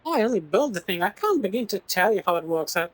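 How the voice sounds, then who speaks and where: A woman's voice: mid-range voice, very animated, fast talker, no echo, poor audio. A woman voicing a folksy handyman guy. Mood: easygoing. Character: gruff male handyman who builds odd machines.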